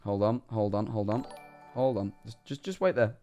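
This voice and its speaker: Smooth-voiced playful male streamer. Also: on the low side, normal speed, warm tone, highs cut off, soft background music. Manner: playful, joking. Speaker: streamer playing a priest. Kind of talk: comedic role-play stream.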